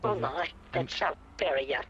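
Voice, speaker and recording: A woman's voice: sits low, moderate pace, dull audio, a loud crowd, natural voice. A woman playing a prim, genteel old woman in an online game role-play, speaking hesitantly and trailing off with little "oh, my"s. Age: older. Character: prim old woman searching for her cat.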